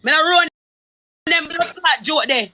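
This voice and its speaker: High, bright Jamaican woman ranting furiously. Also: unhurried. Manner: furious, cursing rant in patois. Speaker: caller on a live stream. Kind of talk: heated live stream argument.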